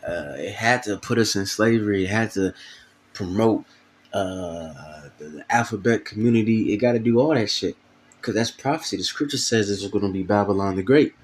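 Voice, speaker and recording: Deep-voiced man preaching casually. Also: normal speed, a little hiss or hum. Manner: casual and profane, many fillers, reads scripture aloud. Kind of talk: informal video sermon.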